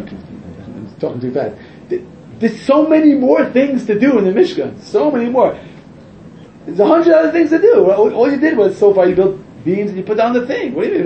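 A man teaching a Torah lesson to a class, excitable and full of rhetorical questions, often correcting himself mid-sentence. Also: high voice, lo-fi sound, a little hiss or hum.

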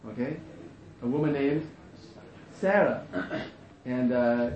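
A man's voice: mid-range voice, slow pace. A man teaching a class in a humorous lecture, repeating phrases and chuckling at his own jokes. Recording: echoey room, muffled, faint hiss.

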